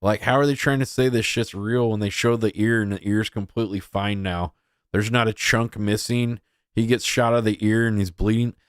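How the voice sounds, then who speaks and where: A man's voice: lowish voice, fairly even intonation, moderate pace, clear, resonant tone, dry recording, clean studio sound. A young man hosting a podcast, giving rambling casual commentary full of filler words. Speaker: podcast host.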